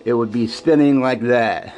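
A man rambles to his camera in a casual vlog, stumbling over his words and repeating himself as he goes. His voice sits at an ordinary middle pitch, with faint music playing behind him. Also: highs cut off. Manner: halting, repeats words, many fillers. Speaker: vlogger.

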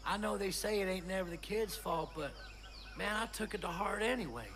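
Brief: a loud, high-voiced redneck party dude, rambling and boastful, over noisy game sound. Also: male voice, a little fast. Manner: drawling, rambling, goofy bravado. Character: rowdy redneck party dude, young adult man. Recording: game audio with loud background noise.

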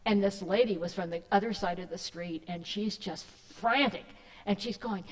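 A woman's voice: mid-range voice, moderate pace. Chatty woman in a reverberant church hall. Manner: chatty, rambling, with many fillers and restarts. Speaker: guest speaker. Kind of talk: casual talk to a church group.

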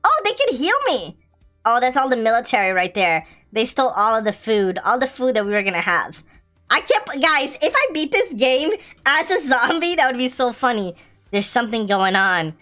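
A woman's voice: a little high, animated, normal speed, sharp tone, soft background music. A young woman commentating a zombie video game, playful and giggly, often reading the game's lines aloud. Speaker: gaming YouTuber. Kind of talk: let's-play commentary.

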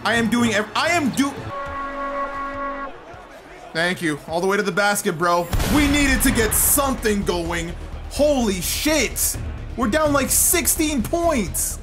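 A man with a high, bouncy voice calls out his basketball video game play, his pitch leaping around as he yells, groans and hypes himself up. Game music plays steadily underneath him. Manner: excitable, shouts and groans at the game. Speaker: gaming YouTuber. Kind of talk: excited gameplay commentary. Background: game music and sounds.

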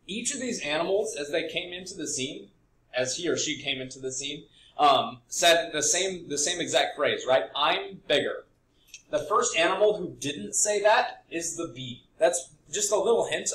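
A man's voice: fairly high pitch, a bit bright, a little hiss or hum. A man teaching a recorded lesson, explaining step by step and often checking in with "right?". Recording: echoey room.

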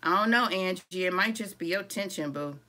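A crochet-along host with a voice on the low side and a moderate pace chats casually through a live-stream craft tutorial. As she works, she reads viewers' comments aloud, greets them by name, and calls them "y'all."

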